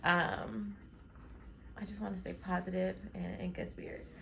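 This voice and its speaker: A woman's voice: fairly low pitch, level tone, a little slow, vocal fry, crowd noise. Chatty woman telling a story, echoey room. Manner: emotional, many fillers and quoted speech. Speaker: co-host. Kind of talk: casual storytelling chat. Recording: echoey room with faint noise.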